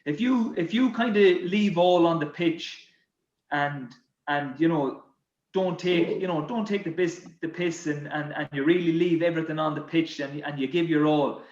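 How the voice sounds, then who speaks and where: A man speaking as a podcast guest in casual conversation, talking haltingly with many repeated words and fillers. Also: on the high side, a little mellow. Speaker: guest, former footballer. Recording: roomy, slightly dull sound.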